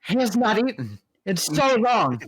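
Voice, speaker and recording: Slow, unhurried man running a game. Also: high voice, sing-song, fairly bright tone, slightly rough, no room sound. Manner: unhurried, reads descriptions aloud with fillers. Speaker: game master.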